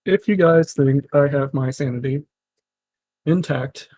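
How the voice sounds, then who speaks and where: A man casually commenting on a live stream as he works through software, muttering to himself in a wry, self-mocking way. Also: mid-range voice, unhurried, dry recording.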